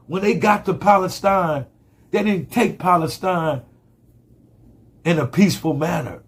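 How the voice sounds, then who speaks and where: A man's voice: sits high, unhurried, long pauses, husky. A man giving a fiery, profane monologue full of rhetorical questions. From United States. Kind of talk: impassioned monologue.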